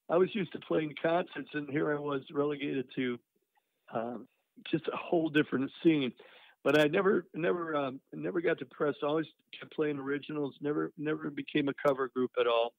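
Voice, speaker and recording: An older man, a musician guest, has a fairly high voice with vocal fry, heard over a dry, tinny phone line. In a casual storytelling interview, he rambles through career stories packed with "you know" and "uh."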